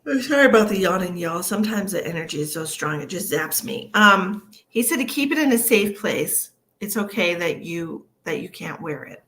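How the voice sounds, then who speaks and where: A woman's voice: lowish voice, animated, moderate pace, few pauses. A woman, a psychic medium chatting through a casual live-stream reading from her home. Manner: chatty, relays messages in a soft conversational way.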